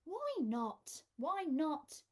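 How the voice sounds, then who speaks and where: A woman voicing a small, curious young Gruffalo girl with an eager, questioning voice in a storybook reading. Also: high-pitched, sing-song, very slow, a little mellow, pitched above the performer's own voice, full character voice.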